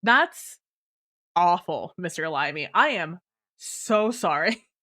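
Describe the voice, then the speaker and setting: A woman with a lowish, bright voice speaks slowly but animatedly, in a forceful tone. She's a livestreamer at her home computer, casually reading and answering viewer messages, laughing often, apologizing, and full of fillers and restarts.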